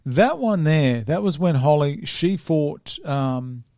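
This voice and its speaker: A man's voice: a little high, animated, takes it slowly, darkish tone, no room sound, studio quality. A man hosting a casual podcast, rambling and thinking aloud as he goes through his notes. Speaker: podcast host. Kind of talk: casual sports chat.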